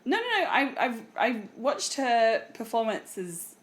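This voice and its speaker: A woman's voice: a little high, animated, takes it slowly. Woman cohosting a podcast, playful and punny, voice bouncing all over. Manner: playful, punning, giggly. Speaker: podcast co-host. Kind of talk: casual chat.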